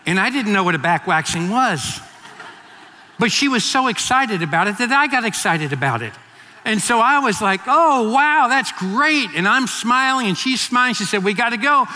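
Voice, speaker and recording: Delivering a sermon, a male pastor in his fifties uses a high, ringing, bright voice. His storytelling is full of restarts and repeated words, and the sound echoes with a long reverb like that of a large hall.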